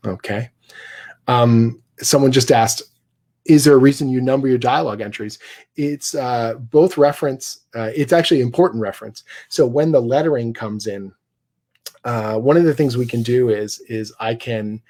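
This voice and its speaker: A man's voice: medium pitch, normal speed, darkish tone. A man teaching a live online class about writing scripts, explaining casually with many fillers and restarts. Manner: reads his own script passages aloud. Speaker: comics writer teaching a class.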